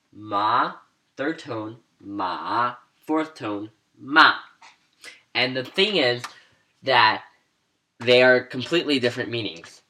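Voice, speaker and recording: A man's voice: mid-range voice, pushed and bright. A man giving a casual spoken lesson, explaining sounds and demonstrating each one aloud with a few fillers. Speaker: language teacher.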